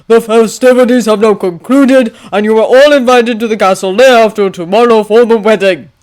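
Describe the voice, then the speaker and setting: A woman voicing a commanding middle-aged male king who makes loud proclamations. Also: fairly high pitch, steady tone, normal speed, pitched above the performer's own voice, lightly acted. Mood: proclaiming.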